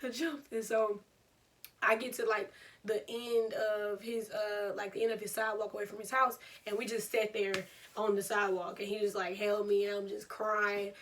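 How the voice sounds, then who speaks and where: Young woman w/ telling a story, bright voice, kinda animated, a little distant from the mic. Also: medium pitch, normal speed, slight background noise. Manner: animated, laughing storytelling with acted-out quotes. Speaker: vlogger. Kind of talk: storytime vlog.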